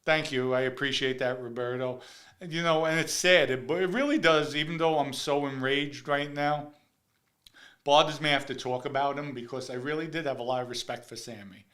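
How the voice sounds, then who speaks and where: Male livestream host, bright, forceful voice, emphatic and repetitive, casual. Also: medium pitch, moderate pace. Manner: emphatic, repeats himself for stress. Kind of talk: casual live chat.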